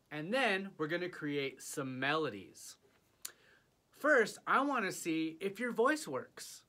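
Casting: male kids' music teacher, slow and playful, bright tone with a lively, swooping pitch. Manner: slow, playful, inviting kids to join in. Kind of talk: early childhood music lesson.

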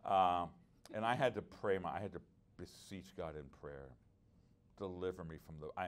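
Middle-aged male preacher, low-ish voice, earnest conversational teaching with personal anecdotes. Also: brisk, slight background noise. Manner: earnest, conversational, with many restarts and personal stories. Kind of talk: conference workshop teaching.

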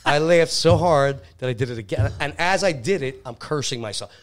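A man's voice: medium pitch, a little fast. A man casually telling crude personal stories on a podcast, laughing often and swearing. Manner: laughing, animated anecdote teller, swears often. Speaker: podcast guest. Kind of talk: casual storytelling.

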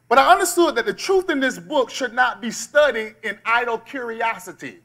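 Brief: male preacher, high and bright tone, stretches out key words for emphasis. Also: animated. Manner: call-and-response preaching, slows and stresses key words. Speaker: pastor. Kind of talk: sermon.

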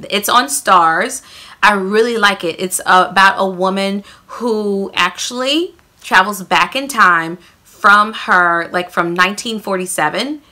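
A woman with a Southern US accent chatting excitedly to her viewers in a casual beauty favorites vlog, calling them y'all and fam. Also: mid-range voice. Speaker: beauty vlogger.

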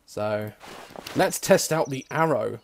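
Excitable, jokey young man. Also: medium pitch, takes it slowly, vocal fry, slight background noise. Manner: excitable, swears a lot, jokey. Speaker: gaming YouTuber. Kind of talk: gameplay commentary.

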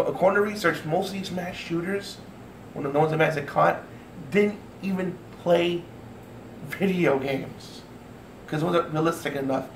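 In an echoey room with faint noise, a male vlogger with a slightly high, somewhat bright voice rants angrily to his viewers on camera. He swears often and stumbles over restarts.

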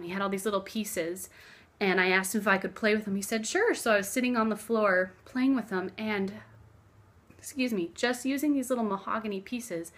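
Brief: young woman, craft vlogger, casual heartfelt chat, phone camera in a living room. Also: mid-range voice. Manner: chatty and heartfelt, drifting soft and hushed at times. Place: living room, seated on floor. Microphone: phone camera on a stack of books.

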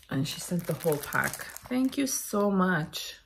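A woman from Canada opening a parcel of craft supplies, chatting casually and gushing with thanks, a little unwell and clearing her throat. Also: lowish voice, sing-song, background noise. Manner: gushing, slow and chatty, frequent thank-yous. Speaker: crafting vlogger opening happy mail. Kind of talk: casual unboxing chat.

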